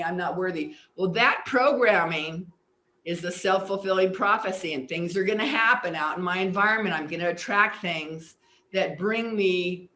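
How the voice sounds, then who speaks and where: A woman's voice: lowish voice, bright, forceful tone. An older woman, a guest on an interview show, earnestly explaining ideas and telling personal stories, sometimes repeating words as she recalls. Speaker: guest, personal development teacher. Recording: roomy echo.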